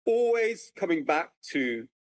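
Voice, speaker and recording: A man giving a public lecture, telling a story in a lively, animated way with frequent restarts. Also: fairly high pitch, takes it slowly, rough recording. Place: at home with a computer, remote talk.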